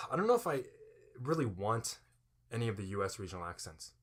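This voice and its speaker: Low-voiced man, chatty podcast co-host. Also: fairly quick. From Indiana, US Midwest. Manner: relaxed, rambling explanations with fillers and restarts. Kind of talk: casual chat.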